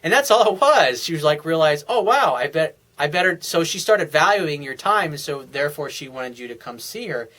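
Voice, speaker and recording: A man's voice: fairly high pitch, lively intonation, a little fast, few pauses, pushed and bright. A man talking as a dating coach, giving casual advice in a blunt, frank and profane way, often restarting his sentences.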